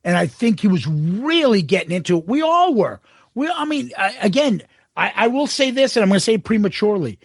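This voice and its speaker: A man co-hosting a podcast, telling stories in an animated, profane way and acting out what people said. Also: sits high, brisk, husky, no echo, clean studio sound. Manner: swearing, animated storytelling with quoted voices. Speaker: podcast co-host. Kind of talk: casual chat.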